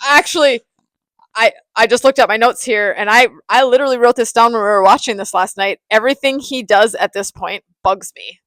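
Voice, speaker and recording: A woman's voice: fairly high pitch, a little fast, fairly bright tone, dry recording, low-quality recording. A woman co-hosting a podcast, chatting casually and with strong opinions while recapping a reality show, often restarting her sentences. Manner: opinionated, talks in restarts and repeats. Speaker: podcast co-host.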